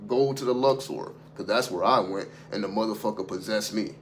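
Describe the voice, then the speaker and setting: A spiritual content creator talks off the cuff in an unscripted livestream monologue, emphatic and profane, firing rhetorical questions at his viewers. His voice is on the low side and brisk, with a little hiss or hum in the audio.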